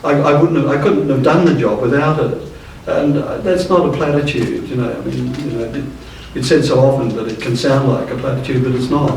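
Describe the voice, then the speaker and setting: An older man in his seventies reflects on his past, pausing and restarting as he gathers his thoughts. His voice sits at an ordinary pitch and rings through a very echoey room, picked up from a distance. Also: creaky, a little mellow, slight background noise. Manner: halting, thoughtful, many restarts. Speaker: interviewee. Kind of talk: reflective reminiscing. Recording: roomy echo, distant mic.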